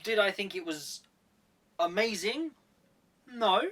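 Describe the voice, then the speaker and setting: A man's voice: high voice, slow pace, bright, forceful tone. Playful man co-hosting a film review. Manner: playful, fond of silly voices. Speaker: co-host. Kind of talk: casual movie review chat. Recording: distant mic.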